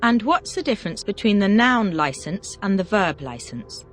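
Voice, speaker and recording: In a scripted question-and-answer language drill, a teacher reads single vocabulary words aloud and then fires off brisk questions. Her mid-pitched voice is sing-song, with wide swings in intonation, and faint music plays beneath it.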